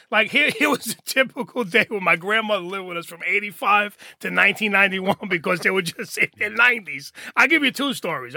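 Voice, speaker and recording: A man's voice: high voice, creaky, no echo, clean studio sound. A middle-aged man telling blunt stories from his past in a casual podcast chat, acting out the voices of the people in them. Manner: animated storyteller, acts out quoted voices, swears freely. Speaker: podcast guest.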